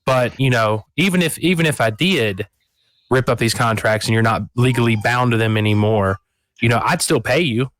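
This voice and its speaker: A man voicing a cocky male adventurer who bargains with mercenaries in a quick, pushy way. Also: medium pitch, fairly bright tone, no echo, close to an everyday voice.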